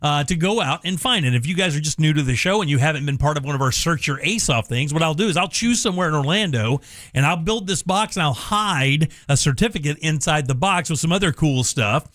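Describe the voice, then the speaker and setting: A male talk radio host in a studio, speaking in a brisk, upbeat way and laughing easily with his co-hosts. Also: fairly high pitch, expressive, fairly bright tone, dry recording.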